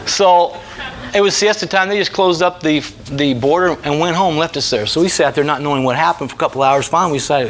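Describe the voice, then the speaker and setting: A man telling a comic travel anecdote, animated, with laughing asides. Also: a little high, quick pace, slight background noise. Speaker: storyteller.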